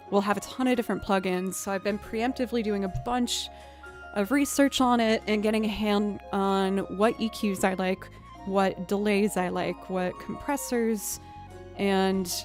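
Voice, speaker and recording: A woman musician chatting casually with her stream viewers, self-deprecating and laughing often, her pitch jumping up when she is surprised. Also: a little mellow. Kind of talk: casual live-stream chat. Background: faint music.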